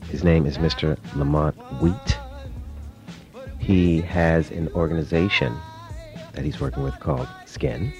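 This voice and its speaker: A man hosting a radio-style interview show, with playful, smooth showman patter. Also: a bass voice, unhurried, over music. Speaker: host and DJ. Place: Los Angeles studio.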